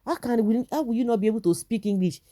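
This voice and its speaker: A woman's voice: a little high, fast, dark tone. A woman with a Nigerian accent giving indignant political commentary, firing rhetorical questions and restarting her sentences.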